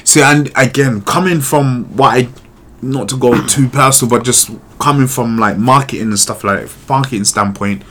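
A man's voice: medium pitch, normal speed. Slangy man, casual podcast talk. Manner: animated, slangy, swears freely. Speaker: podcast co-host. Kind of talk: casual chat.

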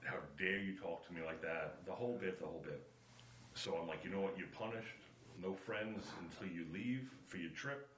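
A middle-aged man on a podcast, telling a family story in a lively, animated way and acting out the quotes. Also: low voice, normal speed. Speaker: podcast co-host. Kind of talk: casual chat, storytelling. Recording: echoey room with faint ambient noise.

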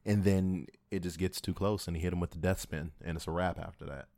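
A man's voice: deep voice, steady tone, brisk, darkish tone, no room sound, studio quality. A man co-hosting a podcast in casual chat, laid-back, joking and profane. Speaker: podcast co-host.

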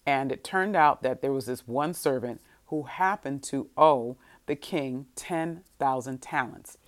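In this sermon, a female preacher with a low voice addresses her listeners. Her scripture reading is slow and measured, but her expressive style soon swings from hushed contemplation to emphatic outbursts that climb in intensity.

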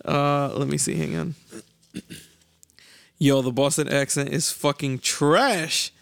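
Here a man with a somewhat high voice hosts a casual group chat, animated and quick to joke, and he swears freely. The sound is close and dry, with little room. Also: vocal fry, smooth, no room sound. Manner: profane, animated and joking. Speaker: podcast host.

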